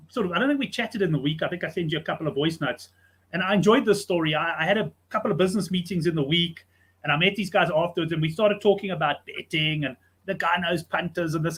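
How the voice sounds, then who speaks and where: A man hosting a sports betting show, chatting casually and telling stories in an animated way. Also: sits high, fast talker, husky. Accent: South African English.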